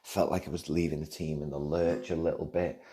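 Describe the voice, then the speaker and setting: Very deep, dark-voiced Liverpool man. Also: little pitch movement, a little fast. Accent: Liverpool English. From England, Liverpool area. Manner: rambling, digressive, self-interrupting. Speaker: podcast host. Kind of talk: casual chat answering listener questions.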